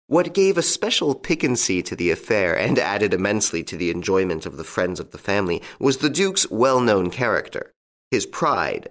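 Low-voiced guy narrating an audiobook, really lively expressive reading. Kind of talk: scripted narration.

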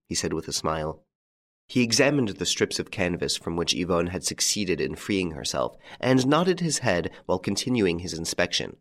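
A man narrating a novel as an audiobook reader, measured and even. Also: low voice.

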